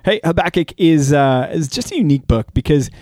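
A man's voice: on the high side, expressive, a little fast, mellow, no room sound, studio quality. A man co-hosting a Bible podcast, moving from joking banter to earnest teaching about Scripture. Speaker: podcast co-host. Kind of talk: casual Bible-reading podcast chat.

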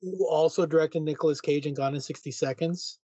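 A man's voice: a little high, fairly even intonation, brisk, warm tone, slightly rough, no echo. A man co-hosting a podcast, chatting casually about movies in an easygoing way, laughing often and restarting his sentences. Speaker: podcast co-host. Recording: dry, dull lo-fi sound.

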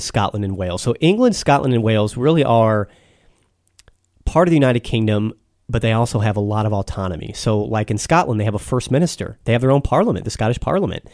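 A man's voice: mid-range voice, darkish tone, no room sound, clean studio sound. An American man explaining things patiently in a casual chat, with frequent restarts. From United States.

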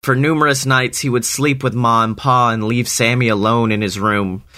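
A man telling an improvised parody story in a slow, earnest, deadpan way. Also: medium pitch.

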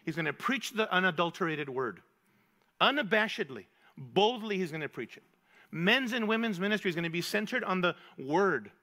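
Emphatic high-voiced male pastor preaching. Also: bright, forceful tone. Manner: emphatic, repeats key words, asks the room questions. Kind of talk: sermon at a men's Bible study. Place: church meeting room.

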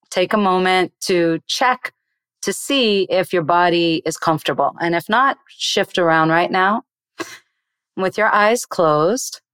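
In an interview, a woman who teaches meditation explains the practice, then slowly leads a breathing exercise in a soothing voice. Her pitch is fairly low and her tone fairly bright, clear and resonant, captured in a dry recording.

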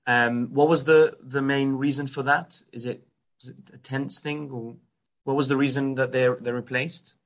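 Man, student, video call, hesitant, halting. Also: medium pitch, fairly even intonation. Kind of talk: asking a question in class.

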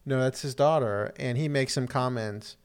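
A man in casual conversation, walking his co-host through a TV episode. He rambles a little, fills pauses with ums and restarts his sentences, all at an ordinary middle pitch. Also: clean tone. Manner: rambling, many "um"s and restarts, acts out quotes. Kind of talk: casual chat recapping a TV episode.

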